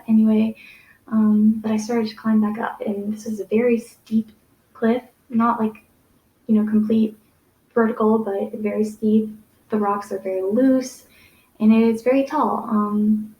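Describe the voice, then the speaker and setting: A woman's voice: on the high side, little pitch movement, a little slow, darkish tone. Rambling young woman in echoey room. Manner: rambling, many fillers and restarts. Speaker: vlogger. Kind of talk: personal storytelling.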